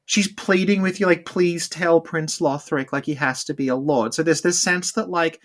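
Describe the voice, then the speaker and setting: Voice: medium pitch, a bit bright. A podcast co-host talking through game lore in a casual, rambling way, full of "like" fillers. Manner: rambling, heavy use of "like" fillers.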